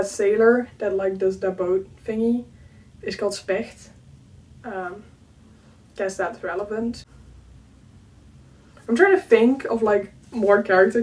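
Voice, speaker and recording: A woman's voice: medium pitch, a little mellow, distant mic, low-quality recording. A young woman with a Dutch accent, chatting in a casual vlog, giggling and using lots of fillers. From Netherlands. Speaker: YouTuber.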